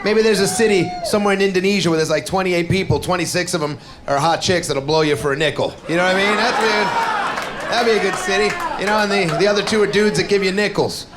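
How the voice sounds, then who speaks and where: A man's voice: high-pitched, quick pace. A middle-aged man doing profane, sardonic stand-up crowd work in a theater, now and then slipping into put-on accents. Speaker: stand-up comedian. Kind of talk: stand-up routine. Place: theater stage before a live audience. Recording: live club recording with crowd noise. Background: audience laughter.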